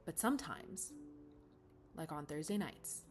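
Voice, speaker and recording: A woman voicing an older queen mother, haughty, flustered, deep tone, bedtime storybook. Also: lively intonation, a little slow, soft background music. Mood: hesitant. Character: older widowed queen mother, defensive and lonely.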